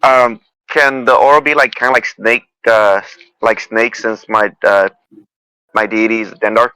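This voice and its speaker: A man with a lowish but bright, forceful voice plays in a tabletop game, recorded dry and close. He talks hesitantly, restarting often and swearing casually as he plays his character. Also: steady tone, measured pace, smooth, no room sound, poor audio. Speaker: player. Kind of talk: tabletop role-play.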